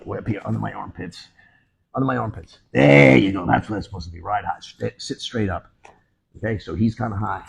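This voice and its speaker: A man teaching a martial arts class, walking students through a technique and punctuating moves with "boom" and "bang.". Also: brisk, gravelly. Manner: punchy, with sound effects like boom and bang. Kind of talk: hands-on technique demonstration.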